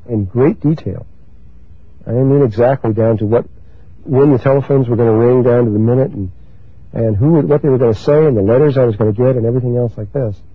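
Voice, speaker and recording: An older man gives a spiritual talk in a slow, gentle storytelling manner, pausing often and restarting his sentences. His voice sits at an ordinary middle pitch. The recording is tinny and narrow, like a phone line, and dry with no room sound. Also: gravelly, breathy edge, no echo. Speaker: spiritual teacher.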